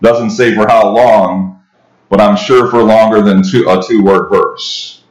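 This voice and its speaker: Slow, low-voiced preacher in a roomy space. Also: male voice, steady tone. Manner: conversational preaching with restarts and asides to the congregation. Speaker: pastor. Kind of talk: expository sermon, reading and explaining scripture. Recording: roomy echo.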